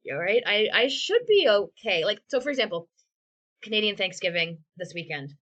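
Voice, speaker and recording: A woman's voice: medium pitch, sing-song, moderate pace, a bit bright. A woman co-hosting a podcast, talking candidly and reflectively from home over a video call, with touches of wry sarcasm. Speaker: podcast co-host. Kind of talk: candid conversational podcast talk.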